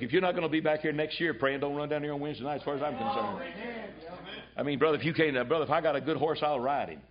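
An older man preaching a fiery revival sermon, swinging from loud exhortation to hushed asides. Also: fairly high pitch. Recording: dull lo-fi sermon recording.

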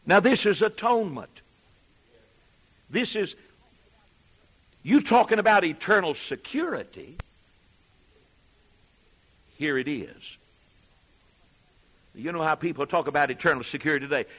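A man preaching a sermon with a somewhat high voice. His delivery is folksy and drops to asides, then climbs to loud, emphatic preaching. The recording is dull and muffled, like an old tape. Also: animated, unhurried, long pauses, husky.

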